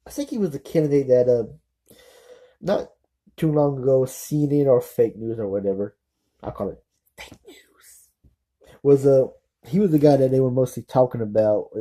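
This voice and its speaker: A man giving casual, unscripted commentary, halting and apologetic, with many restarts and fillers. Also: medium pitch, warm tone, poor audio. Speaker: political vlogger.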